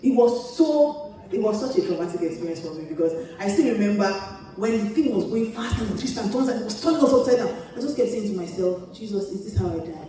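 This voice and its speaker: A woman pastor telling a funny story to a church audience, animated and laughing often as she talks. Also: mid-range voice, quick pace, crowd noise. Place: church auditorium. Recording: echoey church hall, distant mic.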